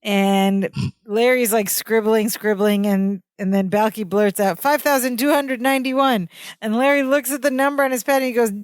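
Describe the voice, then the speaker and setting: A woman's voice: mid-range voice, fairly even intonation, moderate pace, a little mellow, clean tone, no echo, clean studio sound. A woman co-hosting a podcast, casually recapping a sitcom episode and mimicking the characters' lines and reactions. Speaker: podcast co-host.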